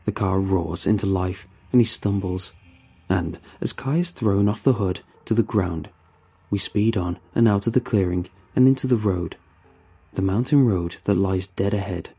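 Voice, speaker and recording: A man narrating a horror story in the first person, in a steady, tense manner. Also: low-pitched, moderate pace, slightly rough.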